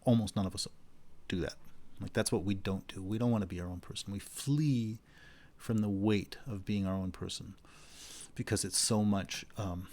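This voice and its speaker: Low-voiced man giving a casual lecture. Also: moderate pace, darkish tone. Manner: conversational, repeats words while searching for phrasing. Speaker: philosophy lecturer. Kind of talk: university lecture.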